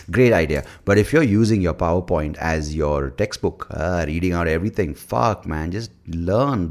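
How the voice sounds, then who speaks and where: Deep-voiced man, profane rambling. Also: a little mellow. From India. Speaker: podcast host. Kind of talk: solo podcast rant.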